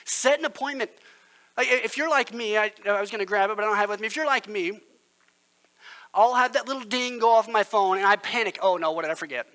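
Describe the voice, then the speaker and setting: Bright, high-voiced man preaching a sermon. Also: brisk, rough recording. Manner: storytelling, earnest and conversational. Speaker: pastor.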